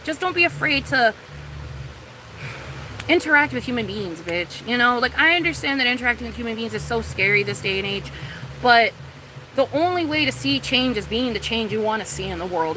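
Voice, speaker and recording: A young woman with a fairly high voice rants casually on a live stream, swearing a lot and rambling with plenty of "like" and "you know what I mean." There's noise in the background.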